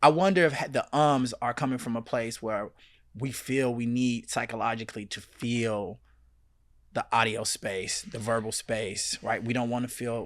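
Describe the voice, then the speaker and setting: An American man hosting a podcast, chatting loosely and circling back to restart his sentences. His voice is mid-pitched, and the recording is dry and close. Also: no echo. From United States. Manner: conversational, with frequent restarts. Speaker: podcast host, anesthetist. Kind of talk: podcast interview.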